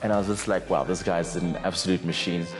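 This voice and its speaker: Deep-voiced South African presenter, quick talker. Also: male voice, over music. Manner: lively storyteller, animated asides. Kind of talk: anecdotal interview recollection.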